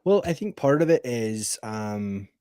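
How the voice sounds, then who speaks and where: A man's voice: mid-range voice, very animated, unhurried, warm tone, clear, resonant tone, no room sound. Man, Northern Irish accent, casual rambling chat, dry close sound. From Northern Ireland. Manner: rambling, heavy use of "like" fillers. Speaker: podcast guest. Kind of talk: casual conversational storytelling.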